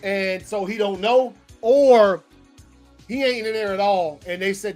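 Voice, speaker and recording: A man with a high-pitched voice hosts a casual commentary show on movie news. He talks loosely and animatedly, full of slang and swearing as he works through his opinions. Soft music plays faintly behind him. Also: normal speed. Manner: animated, slangy and profane, thinking aloud. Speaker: pop-culture show host.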